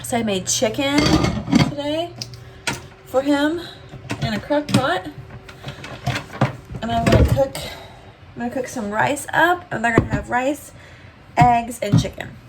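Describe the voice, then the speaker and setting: A woman's voice: a little high, measured pace, long pauses, heavy background noise. Chatty woman in her twenties. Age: 20s. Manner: chatty, filler-heavy, emotional storytelling. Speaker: vlogger. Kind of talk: casual vlog chat. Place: home kitchen. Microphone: camera on tripod.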